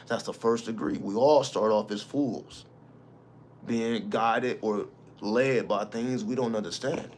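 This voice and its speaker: A man's voice: mid-range voice, a little hiss or hum. A man hosting his own channel, talking casually in an emphatic, preachy way and swearing freely. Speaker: channel host. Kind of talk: casual spiritual monologue.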